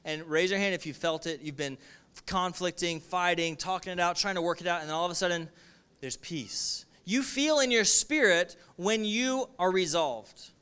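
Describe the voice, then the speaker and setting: A man's voice: high voice, normal speed, pushed and bright, clear, resonant tone. A male pastor giving a sermon to a congregation, talking in an emphatic, repetitive, conversational way. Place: in front of a congregation.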